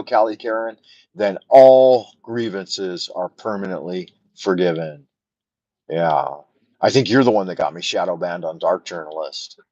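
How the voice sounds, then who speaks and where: With a low voice at normal speed, a U.S. livestream host rambles emotionally and swears freely, speaking from his home in China. His camera mic sits on a mount, and there's no echo.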